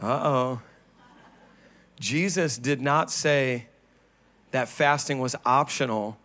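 A male pastor preaching a sermon on stage, animated and playful, with sudden drops into low, quiet emphasis. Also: slow pace. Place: church stage.

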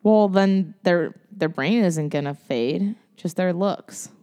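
A woman's voice: lowish voice, slow, dark tone, smooth. A young woman co-hosting a casual podcast, talking chattily with a lot of "like" and laughing often. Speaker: podcast co-host. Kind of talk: casual chat.

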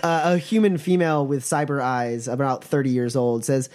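A man narrating as game master of a tabletop game, with relaxed delivery and many fillers. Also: medium pitch, moderate pace, heavy background noise.

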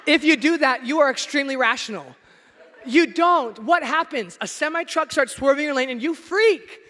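A man preaching a sermon as pastor, energetic and joking with his listeners, shouting some words for emphasis. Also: very high-pitched, normal speed, in a large hall.

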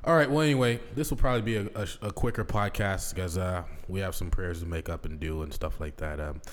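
Male podcast co-host, lowish voice, relaxed rambling chat. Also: quick pace. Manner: laid-back, rambling with fillers. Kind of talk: casual chat.

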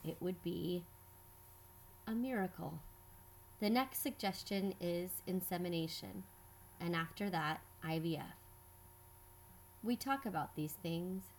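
A woman telling a personal story in scripted narration, measured and reflective. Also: fairly low pitch, a little hiss or hum. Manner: measured, reflective, quietly earnest.

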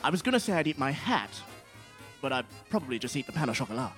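Man as a deranged shopkeeper, stiffly formal, lively high voice, music behind. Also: quick pace, natural voice. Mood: erratic. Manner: prim, overly formal, then erratic. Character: eccentric unhinged male shopkeeper.

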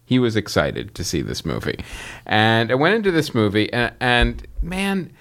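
Animated laughing male co-host. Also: mid-range voice, moderate pace. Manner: animated, laughs often, lots of fillers. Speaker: podcast co-host. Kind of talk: casual movie chat.

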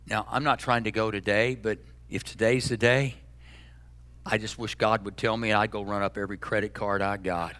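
Joking preacher, bright and forceful. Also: male voice, fairly low pitch, steady tone, moderate pace. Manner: folksy, joking preacher with sudden loud and hushed turns. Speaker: pastor. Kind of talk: sermon.

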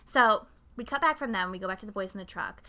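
Here a young podcast co-host talks fast at medium pitch, chatting through a film recap in a rambling, profane, animated way and acting out lines from it.

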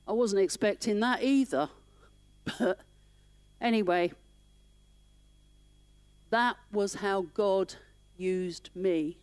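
A middle-aged woman minister shares her testimony in church, her voice warm with feeling and conversational. She speaks slowly in a fairly high voice. The sound is dry and close. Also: clear, resonant tone, no room sound. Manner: emotional, conversational storytelling.

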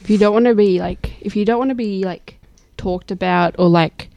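A woman's voice: mid-range voice, moderate pace, creaky, warm tone, dry recording, highs cut off. A young woman co-hosting a casual chat podcast, reacting with lots of fillers and slang. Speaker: co-host.

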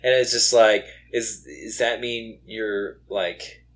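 A man's voice: fairly low pitch, slow pace. A young man co-hosting a casual late-night podcast, rambling with lots of fillers and restarts, a little tired. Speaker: podcast co-host.

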